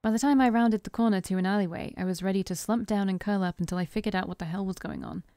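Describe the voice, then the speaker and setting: A woman's voice: mid-range voice, fast talker, no echo. Woman reading a game's text aloud. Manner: expressive, chatty, self-deprecating asides. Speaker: streamer playing a visual novel. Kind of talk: reading game text aloud with casual asides.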